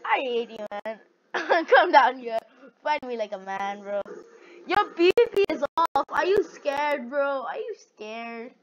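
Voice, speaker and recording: High-pitched young woman gaming on a lo-fi mic. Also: lively intonation, measured pace, a crowd in the background. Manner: playful trash talk, frequent laughing. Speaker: gaming video creator. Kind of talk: casual gameplay commentary.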